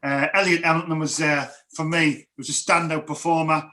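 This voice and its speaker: Bright-voiced chatty football fan. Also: male voice, on the high side, fairly even intonation, moderate pace. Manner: rambling, restarts and fillers. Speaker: fan co-host. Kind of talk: casual football chat.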